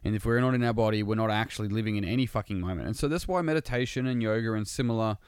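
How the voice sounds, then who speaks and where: Man with a smooth, resonant voice; earnest, laid-back talk with some swearing, recorded dry. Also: fairly low pitch, very fast, no echo. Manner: earnest, casual, swears freely. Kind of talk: casual motivational monologue.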